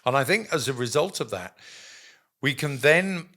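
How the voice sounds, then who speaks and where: Animated male storyteller in business chat. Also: mid-range voice, moderate pace. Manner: animated storyteller, acts out quotes, many ums. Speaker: guest.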